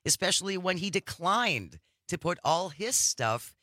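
Male talk radio co-host, animated delivery, crisp bright tone, dry studio. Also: high-pitched, unhurried, no echo. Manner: lively, exclaiming agreement. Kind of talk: radio talk, reading news items and listener texts.

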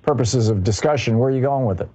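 Man, call-in radio host, mellow husky voice, measured, agreeable, hedging, slightly dull sound. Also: mid-range voice. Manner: measured, agreeable, thinks aloud with hedges.

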